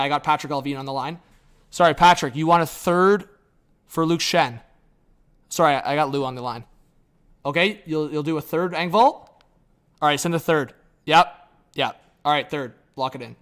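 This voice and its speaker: A man playing a frantic male hockey general manager who juggles calls and fires off quick deals. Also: on the high side, a bit bright, natural voice. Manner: rapid back-and-forth deal-making.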